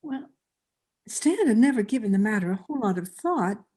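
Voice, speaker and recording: A woman telling a folk tale to an audience at a calm, unhurried pace. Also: mid-range voice, slightly rough. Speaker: storyteller.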